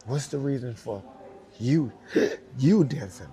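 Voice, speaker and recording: Mellow-voiced New York man telling stories. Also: mid-range voice, measured pace, soft background music. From United States. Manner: animated, acts out quotes, emphatic repetition. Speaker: guest dancer speaking to students. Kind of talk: casual storytelling talk.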